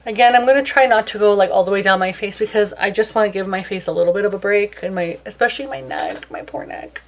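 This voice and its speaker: A woman's voice: mid-range voice, quick pace, a little hiss or hum. A young woman chatting casually through a makeup tutorial, self-deprecating and talkative. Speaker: beauty vlogger.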